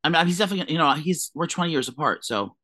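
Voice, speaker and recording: Guy rattling off gossip super fast, dramatic, dry studio sound. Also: fairly high pitch, lively intonation, bright, forceful tone, no echo. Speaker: podcast co-host. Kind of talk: casual chat.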